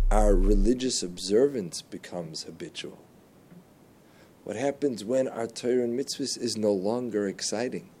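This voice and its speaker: Low, mellow-voiced man teaching Torah. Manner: animated, pitch jumps on key words. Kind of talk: religious lesson with storytelling.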